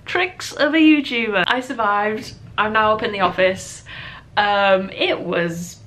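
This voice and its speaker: A woman's voice: medium pitch, measured pace, a bit bright. A woman vlogging casually at home with a groggy morning voice, chatting in a self-deprecating way. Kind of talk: casual vlog chat. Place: home bedroom and office.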